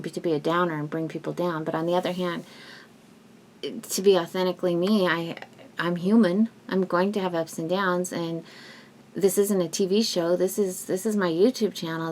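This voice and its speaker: A woman vlogger talking casually and emotionally to her viewers at home, rambling with restarts and soft laughs. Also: on the low side, slight background noise. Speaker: YouTube vlogger. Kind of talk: casual heartfelt talk to viewers.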